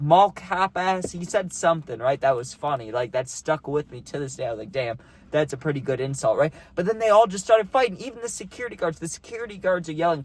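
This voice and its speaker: A man's voice: fairly high pitch, dry recording. A young man casually telling a rambling story, full of fillers and acted-out quotes.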